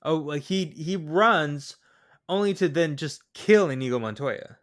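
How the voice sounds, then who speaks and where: A man co-hosting a podcast, excitedly talking through movie scenes, often tripping over and repeating his words. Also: fairly high pitch, unhurried. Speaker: podcast co-host. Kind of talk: casual movie recap chat.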